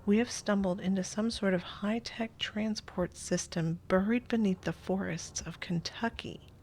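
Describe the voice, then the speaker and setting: A woman hosting a playthrough, reading a first-person interactive story aloud in a soft, often half-whispered voice and adding casual asides. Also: medium pitch, fairly even intonation, unhurried, a little hiss or hum.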